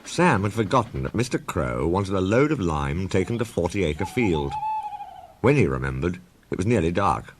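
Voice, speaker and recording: A man narrating a children's railway story in a storybook reading style, over steady background noise. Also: deep voice, normal speed.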